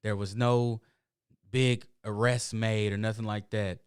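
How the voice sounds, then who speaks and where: A man's voice: on the low side, little pitch movement, a little slow, clean tone, no echo, studio quality. A middle-aged man, hosting his show in a casual, rambling monologue full of emphatic asides. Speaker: show host.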